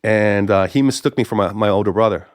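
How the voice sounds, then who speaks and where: A middle-aged man from Hawaii, a pastor and podcast guest, telling stories in conversation, with quick restarts and repeated phrases. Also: on the low side, no echo, studio quality. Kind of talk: conversational storytelling interview.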